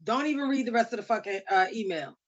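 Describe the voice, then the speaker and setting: A woman's voice: a little high, animated, fast talker. A woman hosting a casual podcast, frank and swearing freely. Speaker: podcast host. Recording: dull lo-fi podcast audio.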